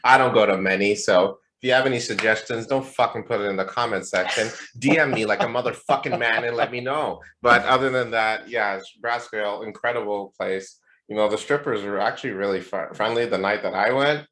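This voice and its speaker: Animated young man telling stories. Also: fairly low pitch, fairly quick, few pauses. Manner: animated, swearing, laughing through his stories. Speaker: podcast co-host. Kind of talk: casual storytelling chat.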